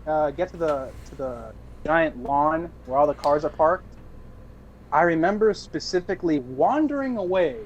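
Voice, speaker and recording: A man's voice: on the high side, muffled recording, slight background noise. A young man, a podcast co-host, telling a rambling party story in casual chat with restarts and laughs.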